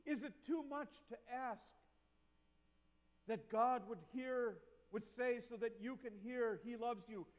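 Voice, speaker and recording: A man's voice: extremely high pitch, takes it slowly. A male pastor preaching a sermon in a church, reflective and asking the congregation questions. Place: church sanctuary. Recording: long reverb of a church hall.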